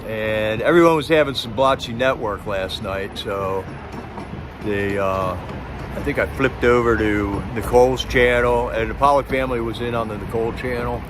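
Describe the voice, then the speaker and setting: A man's voice: medium pitch, normal speed, noisy background. A man hosting a live stream, chatting casually in a rambling, sarcastic way with many restarts.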